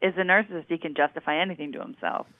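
A co-host talking through a true-crime case in a measured, analytical way, stopping and restarting often. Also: mid-range voice, lively intonation, vocal fry. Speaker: podcast co-host. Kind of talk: casual chat about a true-crime series. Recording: tinny phone-like remote line.

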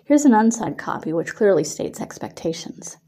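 A composed young law student who lays out terms in a crisp, professional way, as a woman reads her out. The voice is mellow and even. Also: mid-range voice, moderate pace, in a whisper. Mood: businesslike. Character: cool businesslike young female law student.

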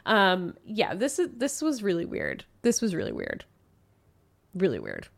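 A woman's voice: medium pitch, unhurried, vocal fry. A woman co-hosting a podcast, chatting casually and animatedly as she recaps a TV episode. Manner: chatty, animated, acts out character quotes. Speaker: podcast co-host.

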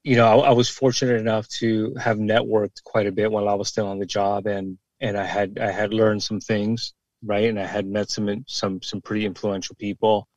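A man in his forties, a former police officer, speaks bluntly and with emphasis, swearing freely and doubling his words as he makes a point. His voice sits low, and it is recorded dry and close with no room sound. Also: little pitch movement, moderate pace, darkish tone, no room sound, muffled recording. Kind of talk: casual podcast conversation.

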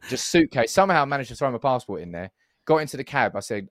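Fast, dry-sounding man co-host, animated banter storyteller. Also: mid-range voice, no room sound. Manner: animated storyteller, swears freely. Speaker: podcast co-host. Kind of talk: casual banter, anecdote telling.

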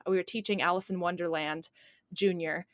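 A woman's voice: lowish voice, steady tone, a little fast, dry recording, clean studio sound. A woman in her twenties, a podcast co-host telling stories in casual chat, full of fillers. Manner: chatty storyteller, lots of "like" fillers.

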